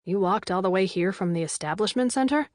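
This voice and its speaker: Woman voicing a gentle, insistent young boyfriend. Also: medium pitch, expressive, a little fast, dry recording, lightly acted. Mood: concerned. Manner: soft, concerned and probing. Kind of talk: audiobook character dialogue. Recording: dry studio voice-over.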